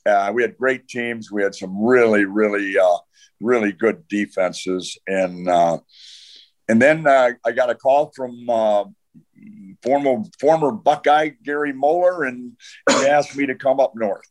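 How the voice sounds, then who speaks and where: A man's voice: medium pitch, a little slow. Older man telling rambling coaching stories. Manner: rambling anecdotes with frequent "uh" and restarts. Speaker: guest, retired football coach. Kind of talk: storytelling in a podcast interview.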